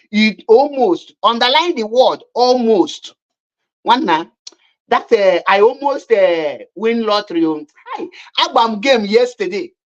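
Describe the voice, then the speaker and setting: A woman with a Nigerian accent delivers commentary in a scornful, repetitive way. Her voice sits at an ordinary middle pitch. The audio is slightly dull and lo-fi. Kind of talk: mocking online commentary.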